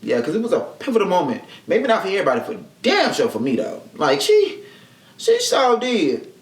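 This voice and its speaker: A man hosting his own podcast tells a story in loose, comic, profane talk, jumping into the voices of the people in it. His pitch swings widely from line to line. The recording sounds roomy and echoey. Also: a little fast. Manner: animated, profane, acts out quoted people. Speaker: podcast host. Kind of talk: casual comedic storytelling. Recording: roomy echo.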